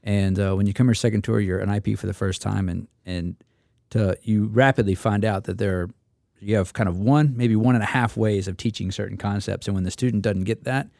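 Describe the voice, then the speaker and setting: A man with a low, gravelly, mellow voice tells stories in a casual roundtable chat. He acts out the people he quotes as he goes, and his voice sounds close and dry. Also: steady tone, brisk, no room sound. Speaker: instructor pilot.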